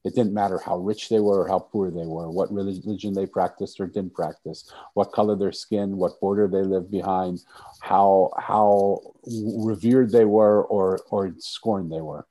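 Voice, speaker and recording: A man with a notably deep voice speaks as a podcast guest. His tone is dark and mellow, and he tells his stories earnestly and softly, often restarting his sentences. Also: fairly even intonation, unhurried, rough recording. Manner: earnest, repetitive restarts, soft-spoken. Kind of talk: storytelling in conversation.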